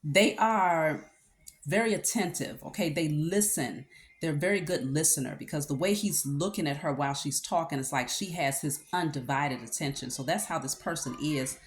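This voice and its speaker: A woman with a low voice talks through a tarot reading in an easygoing, conversational way. She stops often to check in with her listener and fills the pauses with casual asides. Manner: conversational, with fillers and check-ins. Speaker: tarot reader.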